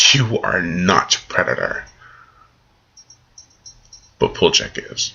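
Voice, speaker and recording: A man's voice: mid-range voice, normal speed, sharp tone. A man casually reviewing a movie, rambling in a loose, jokey way. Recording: dull lo-fi recording.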